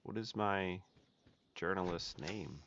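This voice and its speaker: A man's voice: sits low, slow, fairly bright tone. A man streaming a survival game, chatting casually with his viewers as he plays. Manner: chatty, talks to viewers while playing. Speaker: gaming streamer. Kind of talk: casual live commentary while playing. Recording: dull lo-fi mic with faint noise.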